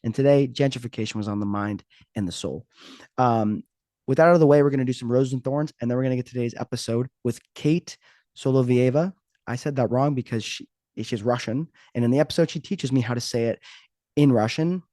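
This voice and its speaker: A man's voice: mid-range voice, a little fast, dark tone, no room sound, studio quality. A man hosting a podcast, talking casually in a joking, rambling, self-mocking way. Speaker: podcast host. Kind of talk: casual podcast intro monologue.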